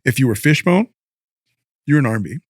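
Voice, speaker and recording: A man in his fifties telling stories in a casual interview, rambling and animated, swearing freely and restarting his sentences. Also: mid-range voice, fairly quick, breathy edge, no room sound, clean studio sound. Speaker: podcast guest, rapper.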